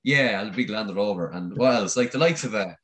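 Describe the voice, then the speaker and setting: A man's voice: fairly low pitch, brisk, fairly bright tone. Young irish guy, chill and teasing, casual swearing, plain voice. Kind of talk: casual chat.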